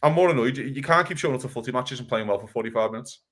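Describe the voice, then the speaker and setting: Man, podcast co-host, rapid-fire heated rant with swearing, mid-pitched. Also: a bit bright. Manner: fast, heated ranting with swearing. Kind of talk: casual football chat.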